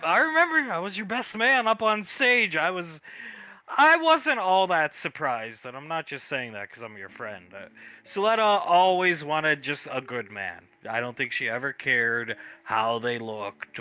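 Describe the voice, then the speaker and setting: A man's voice: a little high, animated, measured pace, pushed and bright, no room sound. A man chatting in character during a tabletop role-play, telling a story with laughs and narrating his own actions.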